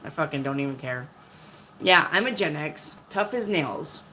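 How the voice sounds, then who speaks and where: A woman's voice: sits low, expressive, normal speed, sharp tone, slight background noise, low-quality recording. Blunt, chatty tarot reader woman in her 50s. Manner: blunt, chatty, answers questions from chat. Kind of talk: live-stream reading of viewer questions.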